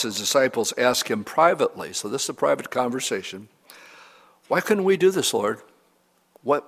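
A man preaching a sermon as pastor, reading scripture aloud and explaining it in an earnest, expressive way with pauses. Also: medium pitch. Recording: long hall reverb.

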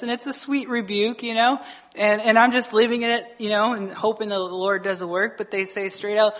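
A man preaching a sermon as pastor, animated and digressive, acting out the voices of people he quotes. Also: sits high. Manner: frequent fillers and quick asides.

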